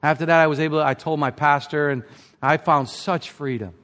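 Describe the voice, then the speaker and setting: A male pastor preaching a sermon with passion, climbing to emphatic peaks and then dropping low and quiet. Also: fairly even intonation, brisk, big-room sound.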